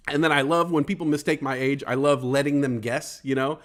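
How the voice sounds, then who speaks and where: A man in his forties hosts a casual live stream, speaking briskly on the high side with hardly any pauses. He is animated and jokey, reading chat comments aloud and acting out the quoted voices.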